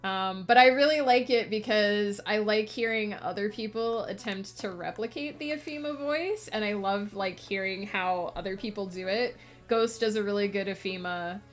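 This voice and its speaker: A woman's voice: mid-range voice, moderate pace, soft background music. A woman streamer chatting casually while she writes, rambling and laughing often.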